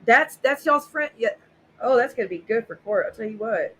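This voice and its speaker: A woman's voice: fairly high pitch, lively intonation, normal speed, fairly bright tone, husky, poor audio. Sarcastic, foul-mouthed woman livestreaming. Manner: blunt, sarcastic, swears freely. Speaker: livestream host. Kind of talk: casual livestream chat, reading viewer messages aloud.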